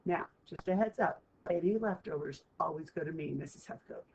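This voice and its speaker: A woman's voice: deep voice, brisk, gravelly, a little mellow. Woman, teacher, math lesson, chatty, keeps asking right, faint hiss behind. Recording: muffled lo-fi recording, faint hiss.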